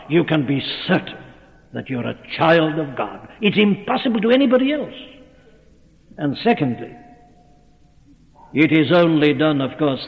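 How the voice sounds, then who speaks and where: A man's voice: fairly high pitch, narrow, tinny audio. A man preaching a sermon in an earnest manner, rising to fervent cries. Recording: phone-thin old sermon tape in a reverberant hall.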